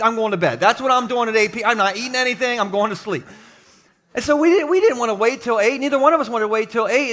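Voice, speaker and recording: A middle-aged man, a pastor, preaching a jokey, animated sermon to a live congregation in a church. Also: sits high. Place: church sanctuary with live audience.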